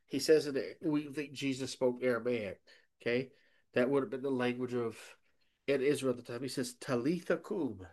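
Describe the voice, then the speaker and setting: Medium in pitch, steady in tone and moderate in pace, a man preaches as a pastor. His sermon is emphatic, peppered with "okay?" check-ins, and moves back and forth between loud stresses and soft asides.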